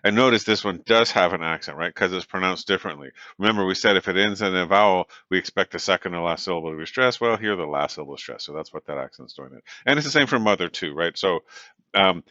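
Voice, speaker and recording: A man giving a recorded lecture as a language instructor, relaxed and full of fillers, checking in with "right?" often. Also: low voice, quick pace, no echo. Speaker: Spanish instructor. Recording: dull, lo-fi recording.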